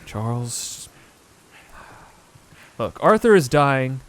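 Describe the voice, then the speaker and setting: A man's voice: mid-range voice, sing-song, very slow. A man giving casual, sarcastic running commentary while playing a video game, often exasperated. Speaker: gaming video host. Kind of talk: casual let's-play commentary.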